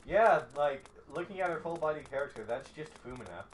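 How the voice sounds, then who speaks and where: A man's voice: fairly high pitch, animated, brisk, a little hiss or hum. Man chatting over a game. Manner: filler-heavy, says "like" often. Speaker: let's play commentator. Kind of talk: casual gameplay chat, reading game dialogue aloud.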